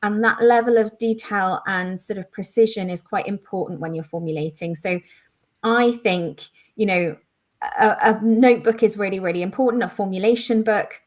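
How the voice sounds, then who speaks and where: A woman's voice: medium pitch, normal speed. A woman co-hosting a live online quiz, explaining in a chatty way with lots of "you know" and "sort of". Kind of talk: casual live-stream chat.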